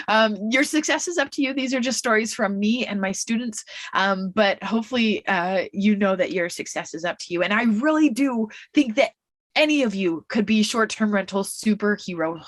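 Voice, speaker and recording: A woman in her thirties giving a chatty, animated webinar talk, often checking in with "right?". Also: a little high, no echo. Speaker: guest speaker. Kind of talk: webinar presentation.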